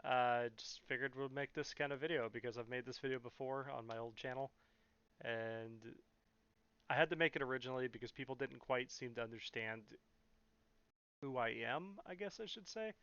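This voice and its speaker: A young Californian YouTuber rambles through a casual Q&A vlog, packed with filler words and blunt swearing. His mid-range voice is clean and fairly bright at a normal pace, but the dry recording sounds dull and muffled.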